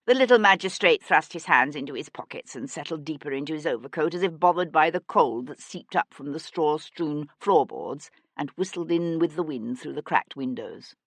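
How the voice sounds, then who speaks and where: Low-voiced woman narrating an audiobook. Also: lively intonation, moderate pace, hardly any pauses, no echo.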